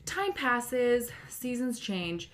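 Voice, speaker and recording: A woman in her thirties telling a funny story in casual chat, acting out the quotes with an animated delivery. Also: a little high, very slow. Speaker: podcast co-host.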